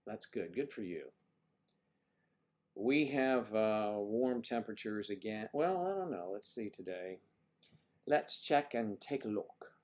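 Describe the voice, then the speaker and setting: A man's voice: on the low side, animated, takes it slowly, darkish tone. A man hosting a casual livestream, rambling playfully and greeting viewers by name. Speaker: livestream host.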